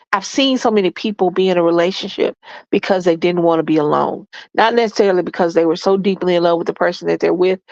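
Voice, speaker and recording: A woman's voice: on the low side, darkish tone, no room sound, lo-fi sound. A congested woman giving relationship advice in a folksy, preachy monologue, calling her listeners y'all and baby.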